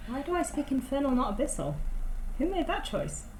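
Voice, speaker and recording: A woman's voice: high voice, sing-song, brisk, a little mellow. A British woman playing a tabletop game, making dry jokes at the table. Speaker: player. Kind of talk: casual game table chat. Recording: roomy.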